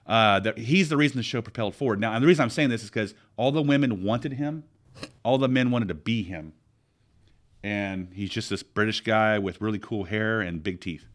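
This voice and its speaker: Lower-pitched man rambling on a podcast. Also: moderate pace. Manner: rambling, opinionated, animated with frequent restarts. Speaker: podcast co-host. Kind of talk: casual chat.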